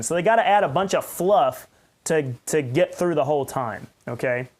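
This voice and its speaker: Rambling, ranting pastor. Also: male voice, mid-range voice, lively intonation, normal speed. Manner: rambling, ranting, sarcastic asides. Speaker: pastor and podcast host. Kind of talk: unscripted podcast commentary.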